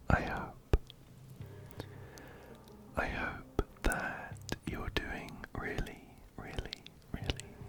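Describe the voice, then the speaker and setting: A man whispering gently up close into a binaural mic as an ASMR host chatting through a game. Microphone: binaural ear-to-ear mic.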